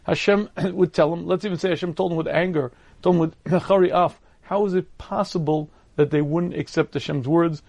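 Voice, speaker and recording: Throat-clearing man giving a Torah lecture. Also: a little high, steady tone, darkish tone, dry recording. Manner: measured, explanatory delivery.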